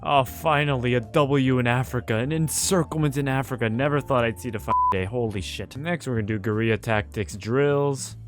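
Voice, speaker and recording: A man's voice: medium pitch, faint music behind. Sarcastic young man narrating gameplay. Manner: sarcastic, self-mocking, quick swearing cut short. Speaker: gaming video host. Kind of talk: casual gameplay commentary.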